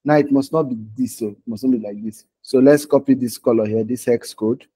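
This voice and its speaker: A man leads a live online design class in a loose, conversational way. His voice is mellow and warm and sits at a middle pitch. He talks his way through each step on screen and keeps asking his students "okay?" and "right?" as he goes. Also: brisk, breathy edge. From Nigeria. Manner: casual, talks while clicking through screens, frequent "okay?" and "right?" check-ins. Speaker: design instructor.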